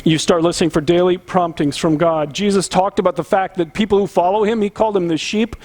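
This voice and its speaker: Earnest high-voiced pastor preaching. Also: male voice, fairly even intonation, fairly quick, darkish tone. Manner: earnest and emphatic, asks the congregation direct questions. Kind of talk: conversational sermon.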